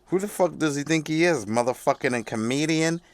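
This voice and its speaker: A man's voice: on the high side, fairly quick, dry recording, voice pushed up, lightly acted. A man voicing a scornful, foul-mouthed online hater who mocks him. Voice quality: crude, swearing.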